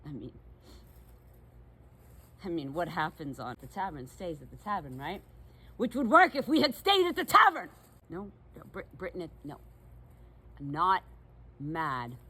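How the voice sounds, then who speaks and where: A woman's voice: on the high side, a bit bright. A woman playing a bossy young milkmaid turned fae in a one-sided comedy sketch, talking in mock-archaic, huffy, self-important tones.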